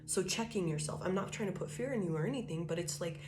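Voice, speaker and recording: A woman's voice: lowish voice, fast, noisy background. A woman giving a casual tarot reading, talking loosely and profanely, laughing often and acting out quoted thoughts. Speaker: tarot reader.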